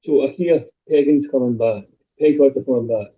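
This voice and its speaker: Over tinny, phone-like video call audio, a man from Scotland does stand-up full of crude jokes at his own expense. He speaks at a moderate pace with a medium-pitched, slightly rough voice.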